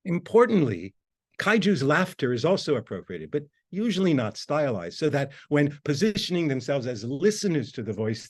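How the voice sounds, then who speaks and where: A man, a university lecturer, reading a prepared academic talk in a measured, formal way. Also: medium pitch.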